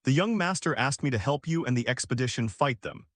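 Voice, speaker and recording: A loyal male knight vice commander reports urgently and directly, as a man reads his lines. The delivery is animated, and the sound is dry and close. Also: medium pitch, fairly quick, no room sound, natural voice.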